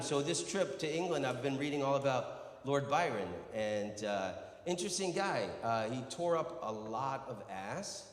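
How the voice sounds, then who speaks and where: An American man doing live stand-up comedy, brash and profane, yelling to rouse the crowd. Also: a little high. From United States. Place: stage in a large hall. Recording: roomy live hall reverb.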